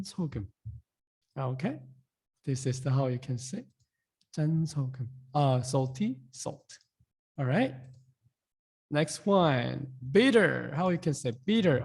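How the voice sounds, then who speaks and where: A young man teaching a casual online language lesson, repeating words slowly and often asking his viewers "guys". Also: a little high, a little mellow, husky.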